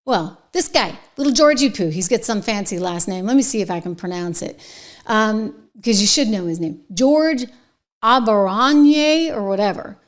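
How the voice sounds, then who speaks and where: A middle-aged woman hosting her own political commentary show, talking in an indignant, emphatic, sarcastic way that swings between hushed whispers and loud outbursts. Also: medium pitch, expressive, moderate pace.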